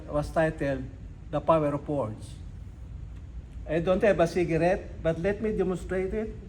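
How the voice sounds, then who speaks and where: An older man giving a club speech, slow and emphatic, with dramatic pauses. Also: high voice, a little hiss or hum, poor audio. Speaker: club speaker. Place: club meeting room.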